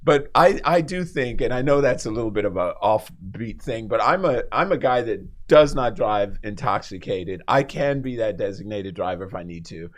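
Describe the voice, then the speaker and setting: A man who is a guest on a radio talk show, telling stories in a lively way, laughing often and acting out the people in them. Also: on the low side, normal speed, hardly any pauses. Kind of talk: animated storytelling in a talk show.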